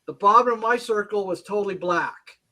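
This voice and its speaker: A man's voice: high voice, fairly quick, pushed and bright. A man, a guest on a livestream, explaining things step by step in casual chat. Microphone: livestream call.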